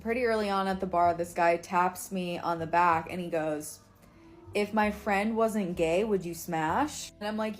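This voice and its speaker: A woman's voice: lowish voice, unhurried, soft background music. A young woman telling a dating story in a chatty, candid way with playful asides. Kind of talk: casual storytime.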